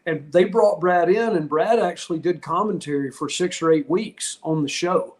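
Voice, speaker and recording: Middle-aged man, podcast guest; candid, rambling storyteller with a slightly high voice. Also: moderate pace, darkish tone. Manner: candid, rambling, heartfelt, with frequent restarts. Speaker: podcast guest, retired wrestler. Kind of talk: casual interview storytelling.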